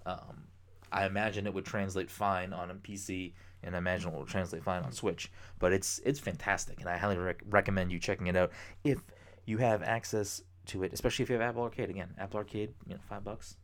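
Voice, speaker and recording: A young man co-hosting a podcast, chatting casually, rambling with excitement and swearing freely. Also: sits low, fast talker, slight background noise. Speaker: podcast co-host. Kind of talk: casual chat.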